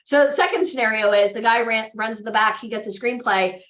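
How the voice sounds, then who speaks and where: Woman, seminar coach, chatty storyteller, slightly high voice, dull echoey recording. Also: fairly quick, a bit bright. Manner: chatty storyteller, often adds "right?". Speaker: acting and modeling bootcamp coach. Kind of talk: motivational seminar talk to a live group.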